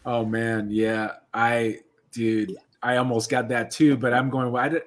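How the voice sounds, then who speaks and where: A man's voice: mid-range voice, little pitch movement, slow. A man hosting a casual live stream chat, chatty and upbeat, greeting viewers. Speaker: host.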